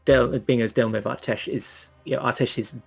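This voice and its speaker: A man narrating a tabletop game as game master, hesitant and filling pauses with ums. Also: medium pitch, fairly even intonation, creaky, husky.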